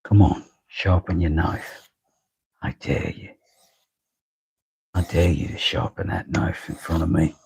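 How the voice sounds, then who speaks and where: A man putting on a menacing male action-film hard man, taunting with a husky, threatening voice. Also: deep voice, steady tone, unhurried, pauses often, darkish tone, exaggerated voice.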